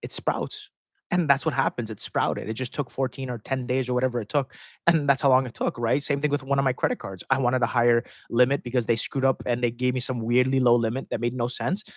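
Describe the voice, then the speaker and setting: A man rambles through a relaxed live-stream Q&A, often breaking into laughter mid-sentence. His voice sits at a middling pitch and is picked up close on the microphone. The sound is dry, with no room echo. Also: brisk. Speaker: host answering viewer questions. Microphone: close desk microphone.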